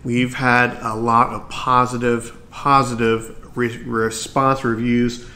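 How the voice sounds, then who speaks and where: A man's voice: mid-range voice, flat delivery, takes it slowly, pushed and bright. A man hosting his own podcast, talking earnestly and encouragingly, sometimes tripping over his words. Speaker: podcast host. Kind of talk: solo podcast talk.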